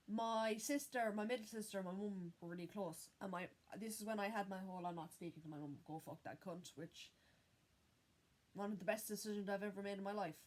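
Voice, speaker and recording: A young woman talks straight to the camera in an unedited vlog, pitched in an ordinary middle range. She speaks candidly and swears freely, often stopping and restarting her sentences. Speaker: vlogger. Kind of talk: unedited personal storytelling.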